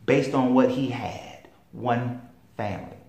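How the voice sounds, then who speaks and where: A man's voice: mid-range voice, slow, a little mellow. A man with a Southern US accent, a life coach telling stories in a plain-spoken, emphatic motivational monologue. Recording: roomy echo.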